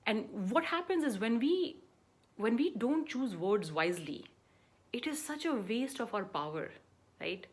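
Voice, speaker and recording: Earnest woman coaching, asking "right?" often. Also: mid-range voice. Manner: earnest, repeats "right?" and "you know" often; stumbles and restarts mid-phrase. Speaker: life coach. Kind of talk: motivational talk.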